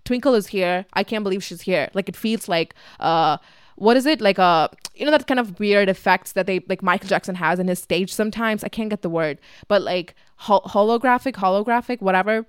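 A young woman vlogger telling a casual, fast, filler-heavy story with lots of swearing, acting out her family's voices as she goes. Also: medium pitch, clear, resonant tone, no echo, studio quality. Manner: acts out family members' voices.

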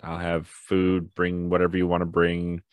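A young man co-hosting a podcast in casual chat, telling family stories with animation and acting out his toddler in high voices. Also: monotone, moderate pace, clear, resonant tone, no echo. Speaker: podcast co-host.

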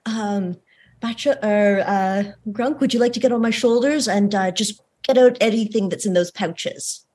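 A woman playing a tabletop game, making quick, conspiratorial asides. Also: mid-range voice, darkish tone, husky. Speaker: player. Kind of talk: in-character banter at a game table.

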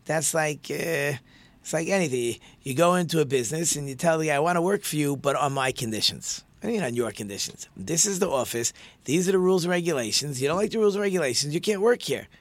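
A man teaching a religious lesson through stories, animated and acting out the dialogue with lively shifts in pitch. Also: quick pace, dry recording. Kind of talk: storytelling lesson.

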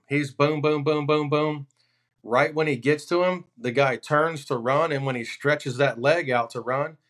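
A man with an ordinary middle-pitched voice tells hunting stories as a podcast guest. He talks loosely and with energy and lands his punchlines deadpan. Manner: animated, deadpan punchlines in anecdotes. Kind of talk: casual podcast storytelling.

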